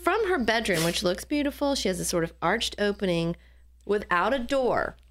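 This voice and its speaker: Lively woman host giving blunt advice. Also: mid-range voice, normal speed. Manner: animated, joking, talks straight to the listener. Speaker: podcast co-host, designer. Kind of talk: casual chat.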